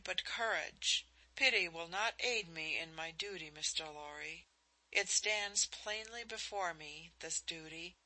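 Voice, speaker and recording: A woman reading the part of a young princess who speaks in a low, steady, resigned way. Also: exaggerated voice, poor audio. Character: young princess, dutiful and despairing.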